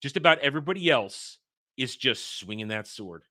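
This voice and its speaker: A man's voice: medium pitch, animated, moderate pace, sharp tone. A man hosting a casual film review chat, opinionated and emphatic as he rants. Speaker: podcast host reviewing a film.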